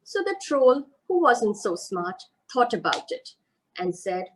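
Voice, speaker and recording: A woman narrating a children's story live, animated and sing-song, asking her listeners questions. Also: fairly high pitch, a little slow, a little hiss or hum, low-quality recording.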